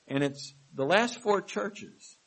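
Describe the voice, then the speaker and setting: A man preaching a sermon. He reads scripture verses aloud with emphasis and then explains them in a measured way. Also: high-pitched, animated, a bit bright, poor audio. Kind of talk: sermon, Bible study reading.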